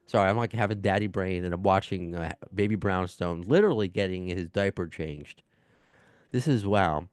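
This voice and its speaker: Low-voiced rambling podcast host, man. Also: moderate pace, clean tone, no room sound, clean studio sound. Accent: New York. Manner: rambling, self-deprecating, lots of fillers and restarts. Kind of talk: casual podcast chat reading listener emails. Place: home, baby heard in background.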